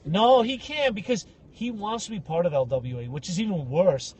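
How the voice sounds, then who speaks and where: A man's voice: sits high, moderate pace, breathy edge, highs cut off. A man co-hosting a podcast, telling a story in a casual rant and acting out the people in it. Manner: animated, acts out voices in stories. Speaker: podcast co-host.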